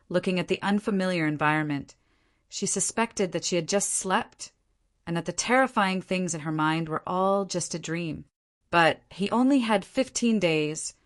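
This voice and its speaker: A woman narrating a fantasy novel audiobook in a steady, even reading voice. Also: fairly low pitch. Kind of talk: scripted narration.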